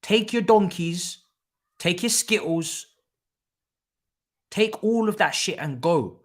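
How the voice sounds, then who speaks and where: A man's voice: high voice, expressive, takes it slowly, pauses often. A man with hosting a live football watchalong, angry and swearing in a repetitive rant.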